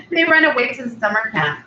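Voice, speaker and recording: Retelling a film story while hosting a food video, a mukbang host chats and rambles casually. Her fairly high, bright, forceful voice is very animated and a little fast. Recorded from a distance in an echoey room, the audio is slightly dull with slight background noise.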